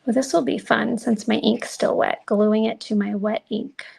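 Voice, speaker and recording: Chatty woman with a gravelly edge. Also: on the high side, fairly even intonation, normal speed, darkish tone. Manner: chatty, self-deprecating, talks to viewers while working. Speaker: card-making demonstrator. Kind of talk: live crafting demo.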